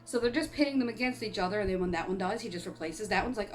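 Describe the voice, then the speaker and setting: A woman's voice: mid-range voice, animated, quick pace, few pauses, faint music behind. A woman from Canada chatting casually in a horror movie review vlog, rambling and laughing often, and she has the hiccups. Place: home on an island in eastern Canada.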